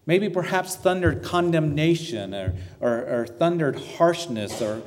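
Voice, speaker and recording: A man's voice: fairly high pitch, unhurried, a little hiss or hum. Earnest male pastor in a reverberant hall. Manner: earnest, asks rhetorical questions. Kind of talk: sermon.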